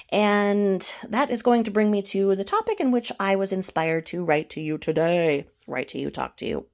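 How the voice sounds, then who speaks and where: A woman rambles through a casual gossip monologue, tossing in sarcastic asides and stopping often to restart her sentences. Her voice sits at an ordinary middle pitch for a woman. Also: a little mellow. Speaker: YouTube commentary channel host.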